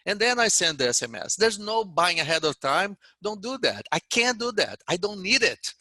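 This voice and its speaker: Bright-voiced accented man, blunt and rambling. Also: high voice, sing-song, moderate pace, no echo. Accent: foreign-accented English. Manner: rambling, blunt, restarts often, swears and laughs. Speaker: head day trader. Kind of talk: motivational talk to a trading community.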